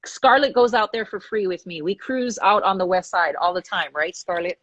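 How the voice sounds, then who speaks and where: A woman hosting a talk show, telling a story with lively acted-out quotes. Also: lowish voice, moderate pace, no echo, lo-fi sound. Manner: animated storyteller acting out quoted voices. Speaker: host.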